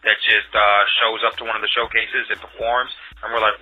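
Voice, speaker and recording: A man from Ohio who organizes an awards show, answering interview questions in a relaxed, rambling way with many fillers and a husky voice. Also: on the low side, normal speed, narrow, tinny audio, soft background music.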